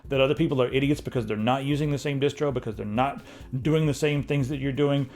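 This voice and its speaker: A man's voice: medium pitch, fast talker, darkish tone. A man co-hosting a casual tech discussion, ranting and critical, with frequent restarts. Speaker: co-host.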